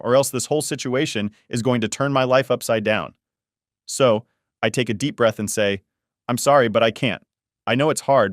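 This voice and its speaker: A man's voice: mid-range voice, no echo, studio quality. A man narrating a first-person family drama story in an exasperated, matter-of-fact way.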